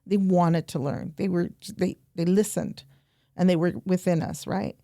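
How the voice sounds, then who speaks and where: A woman guest on a podcast interview, telling animated stories and repeating points for emphasis. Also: fairly low pitch, unhurried, vocal fry, dry recording, studio quality. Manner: animated storytelling, quoting herself and others. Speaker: guest, nonprofit program director.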